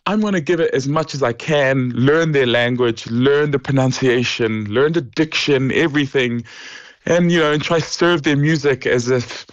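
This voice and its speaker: A man's voice: medium pitch, normal speed, dry recording, lo-fi sound. A man from New Zealand, an opera singer, chatting in an interview over a remote line, laughing often and telling stories animatedly. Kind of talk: casual interview.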